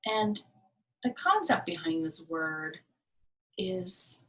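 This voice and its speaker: A woman leading a library program for small children, talking in a slow, sing-song way and often dropping to soft whispers. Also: on the high side, sing-song. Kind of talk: teaching preschoolers. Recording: voice a bit distant from the mic.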